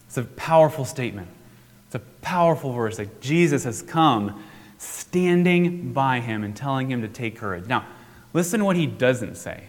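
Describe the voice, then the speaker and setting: Measured male pastor in a reverberant hall. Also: medium pitch, expressive. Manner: measured, unhurried, with frequent pauses. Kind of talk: sermon.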